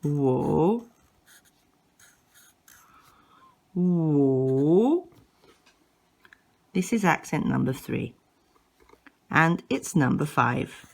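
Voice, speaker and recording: A woman teaching a language lesson, slowly modeling each word and exaggerating the tones for learners to repeat. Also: sits low, lively intonation, gravelly, a bit bright, husky. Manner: exaggerates rising and falling tones.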